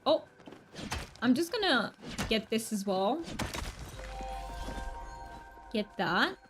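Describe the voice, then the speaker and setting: A woman's voice: a little high, big pitch swings, a little slow, music in the background. A woman streamer chatting casually while she plays, rambling with fillers and restarts. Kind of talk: casual gaming stream chat.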